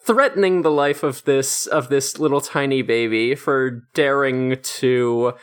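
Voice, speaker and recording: A woman co-hosting a podcast, recapping an episode in casual chat, animated and swearing freely. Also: a little slow, clean tone. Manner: animated, swears casually, lively pitch jumps. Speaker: podcast co-host.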